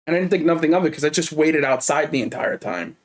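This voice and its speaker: A man co-hosting a podcast, telling stories in casual chat, animated and swearing often. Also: on the high side, fast talker. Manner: animated, swears often, tells stories with lots of quoted back-and-forth. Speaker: podcast co-host.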